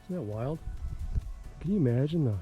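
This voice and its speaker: A man's voice: mid-range voice, lively intonation, muffled recording, soft background music. A man from Minnesota with a mixed Minnesota and Georgia accent, chatting casually and unhurriedly as a vlogger outdoors on his desert ranch. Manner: rambling, unhurried, folksy. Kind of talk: casual vlog chat.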